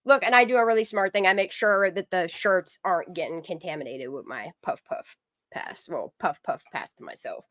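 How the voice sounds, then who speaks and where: A woman hosting a casual live stream, chatty and excitable, rambling through long asides and talking to her dog. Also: fairly low pitch, normal speed, dry recording. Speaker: livestream host.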